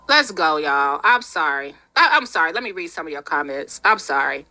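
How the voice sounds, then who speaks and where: Sharp-voiced sarcastic woman streamer. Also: lowish voice, no room sound. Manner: sarcastic, exasperated, laughing asides. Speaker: commentary channel host. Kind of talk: livestream commentary, reading comments.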